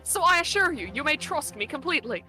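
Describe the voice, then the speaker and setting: A woman's voice: sits high, lively intonation, pushed and bright, soft background music, voice pushed up, full character voice. Woman doing a pompous put-on British detective. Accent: put-on British slipping into Australian. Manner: grand, self-important, slow declaiming.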